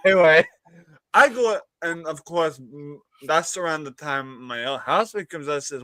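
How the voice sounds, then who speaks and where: A man's voice: a little high, very animated, normal speed, pushed and bright, no echo. A man hosting a live-streamed chat show, telling a long rambling story, laughing often and acting out what other people said. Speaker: podcast host.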